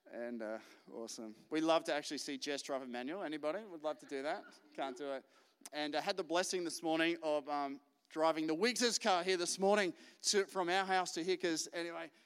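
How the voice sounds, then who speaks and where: A man preaching a lively, joking sermon full of anecdotes. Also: on the high side, smooth. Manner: chatty, joking, acts out quotes. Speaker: pastor. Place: large church hall. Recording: live church recording with long reverb.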